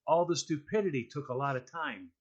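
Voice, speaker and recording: A man's voice: fairly high pitch, a little fast, muffled recording. A man telling a comic story in casual talk, acting out other people's voices as he goes. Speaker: storyteller on a podcast.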